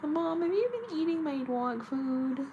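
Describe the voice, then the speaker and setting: Give me a woman voicing a thrilled pet dog in a high squeal. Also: measured pace, muffled recording, background noise. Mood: delighted. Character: excitable pet dog talking to her owner.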